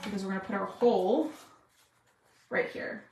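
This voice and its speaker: A woman's voice: mid-range voice, moderate pace, long pauses, darkish tone, reverberant, slight background noise. A woman hosting a live craft stream, chatting with viewers as she works. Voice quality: chatty, talks to viewers with "y'all". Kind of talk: casual live craft demo.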